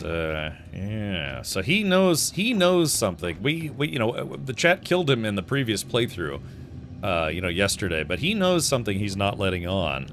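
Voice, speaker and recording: Male game streamer, low voice, lots of swing, rambling jokey chat with viewers. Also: a bit bright, slight background noise. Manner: chatty, rambling, chuckling, joking with chat. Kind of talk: casual gameplay commentary.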